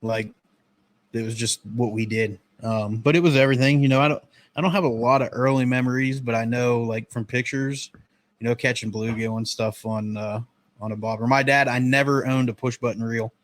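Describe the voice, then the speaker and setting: Man telling stories on a podcast. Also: medium pitch. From northern United States. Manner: relaxed storytelling, drawn-out memories. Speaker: podcast host. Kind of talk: casual podcast conversation.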